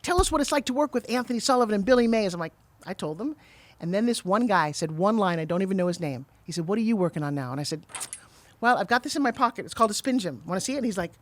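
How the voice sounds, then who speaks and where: Fast-talking animated middle-aged woman. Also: medium pitch, no echo. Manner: fast, animated storyteller who acts out quotes. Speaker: guest, TV pitch saleswoman. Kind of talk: storytelling in a podcast interview.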